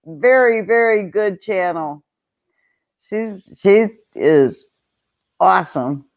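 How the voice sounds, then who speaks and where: A chatty woman hosts a casual livestream and greets her viewers by name. She talks at an unhurried, slow pace and laughs often. Her voice comes through thin and tinny, like a phone line. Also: mid-range voice, lively intonation. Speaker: livestream host.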